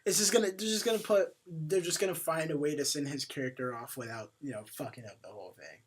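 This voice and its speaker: Young man, fairly high voice, rambling casual chat, lots of fillers, swears. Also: fast talker, husky. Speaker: podcast co-host. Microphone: headphones on, home podcast mic.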